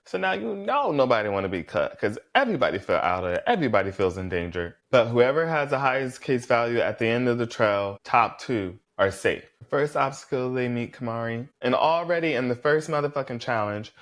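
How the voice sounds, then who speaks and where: Profane, animated male recap host. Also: mid-range voice, fairly quick, hardly any pauses. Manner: blunt, profane, heavy "like" filler, animated reactions. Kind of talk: casual spoken episode recap.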